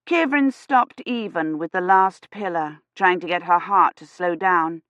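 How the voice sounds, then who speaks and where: A woman narrating an audiobook in a measured, even storytelling manner. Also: on the low side, no room sound, dull audio. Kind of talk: scripted narration.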